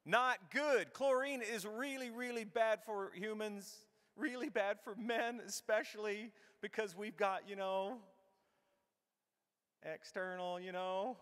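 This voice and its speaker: A middle-aged man tells a story from a conference stage, his fairly high voice leaping up and down with bright, forceful energy. He is irreverent and acts out his own thoughts. Long reverb from the large hall trails after every line. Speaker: keynote speaker. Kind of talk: comedic keynote storytelling.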